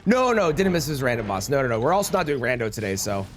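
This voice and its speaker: A man's voice: medium pitch, big pitch swings, quick pace, a little hiss or hum. A man streaming a game live, chatting with viewers and swearing at the game in frustration.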